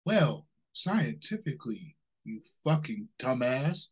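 Animated husky man ranting on a podcast. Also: sits high, moderate pace, hardly any pauses, poor audio. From Ohio, USA. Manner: animated, ranting, laughs often, swears freely. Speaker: podcast co-host. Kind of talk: casual podcast chat.

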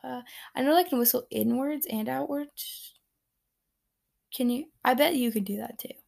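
A woman's voice: high-pitched, moderate pace, gravelly, a little mellow. A woman hosting a casual solo podcast, reading out listener answers in a chatty, giggly, rambling way with many fillers and restarts. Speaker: podcast host. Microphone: podcast microphone.

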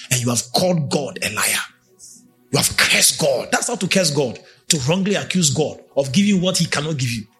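A man delivers a fiery sermon in a high, animated voice that leaps up and down in pitch. He pushes into shouts, then drops to low, intense lines. Faint music sits behind him. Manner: emphatic, swings between shouting and low intense speech. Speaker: prophet preaching.

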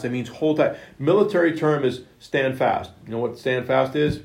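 A man preaching a sermon, emphatic, retelling scripture in plain everyday words with a gravelly voice. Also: medium pitch, moderate pace, hardly any pauses, darkish tone. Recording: echoey room.

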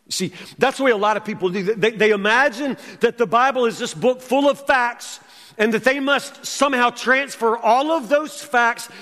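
A man's voice: extremely high pitch, normal speed, pushed and bright, in a large hall. A man preaching a sermon as pastor, conversational with wry humor.

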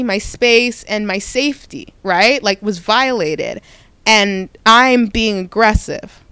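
A young woman hosting a podcast, telling a personal story in a casual, animated way with frequent restarts and self-corrections. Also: a little high, clean tone, no room sound. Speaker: podcast host.

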